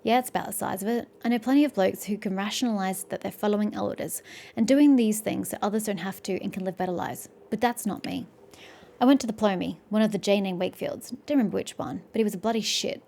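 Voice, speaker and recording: A woman's voice: mid-range voice, fast, creaky, warm tone, natural voice. A woman reading as a blunt, weary soldier prisoner. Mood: bitter. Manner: blunt, swears freely, weary. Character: blunt remorseful male soldier prisoner, middle-aged.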